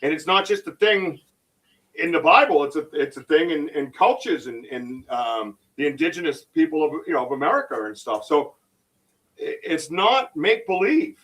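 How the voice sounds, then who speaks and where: A man hosts a loose livestream chat, his voice sitting a little high for a man. He rambles excitedly and restarts his sentences often. He sounds as if he is set back from the microphone. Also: moderate pace, distant mic, low-quality recording. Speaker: podcast host and Bigfoot researcher.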